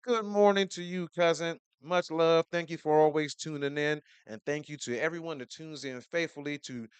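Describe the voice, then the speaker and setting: Give me a laid-back man hosting a podcast, with a smooth voice and a dry close sound. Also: on the high side, steady tone, moderate pace, dry recording. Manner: laid-back, storytelling, repeats words. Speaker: podcast host. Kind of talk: casual podcast chat.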